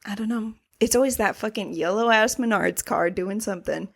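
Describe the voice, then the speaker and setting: A woman co-hosting a racing podcast in casual chat, animated and laughing often, with frequent swearing. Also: mid-range voice, fairly quick, creaky. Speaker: podcast co-host.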